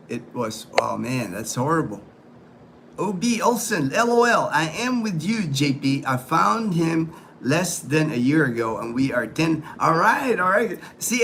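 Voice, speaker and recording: A man's voice: a little high, fairly bright tone, slight background noise. A man from the Philippines hosting a casual livestream, chatting and answering viewer comments in a rambling way full of fillers. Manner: rambling, many fillers and restarts. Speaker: livestream host.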